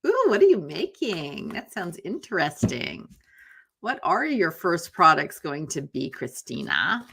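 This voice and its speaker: Bright-voiced woman chatting on a live stream. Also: lowish voice, big pitch swings, measured pace, creaky, husky. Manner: chatty, rambling, talks to viewers by name, yawns often. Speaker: tarot reader and live-stream host. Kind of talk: casual chat on a live stream. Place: home office.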